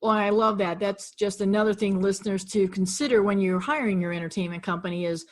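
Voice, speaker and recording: A woman's voice: medium pitch, brisk. A woman hosting an interview podcast, upbeat and speaking straight to her listeners. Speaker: podcast host.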